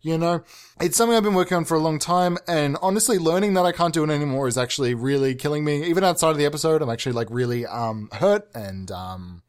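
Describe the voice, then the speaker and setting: A man's voice: a little high, fast, clean tone. A man hosting a podcast, rambling through a comic monologue, often swearing and jumping into silly put-on bits. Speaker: podcast host.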